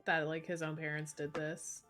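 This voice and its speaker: A woman's voice: sits low, monotone, moderate pace, a bit bright, soft background music. A woman player in a tabletop game talking casually, with many "like"s. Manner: chatty, many "like"s. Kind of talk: casual chat.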